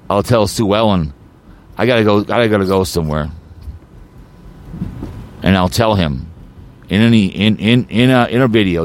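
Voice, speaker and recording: A man's voice: on the low side, slight background noise. A man hosting his own podcast, delivering an agitated, rambling rant full of repeats and stumbling restarts. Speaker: podcast host.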